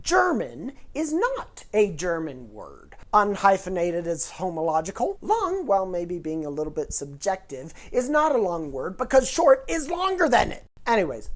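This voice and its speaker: Give me a woman with a lowish, lively voice hosting a playful, nerdy explainer vlog. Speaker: host. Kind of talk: casual educational vlog.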